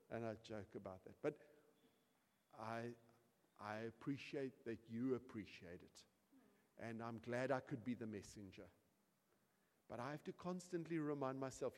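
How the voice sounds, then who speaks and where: A male preacher delivers a lively sermon, dropping to quiet asides before building to loud, emphatic peaks. His voice sits at an ordinary middle pitch. The sound rings with the long reverb of a large church hall. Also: normal speed.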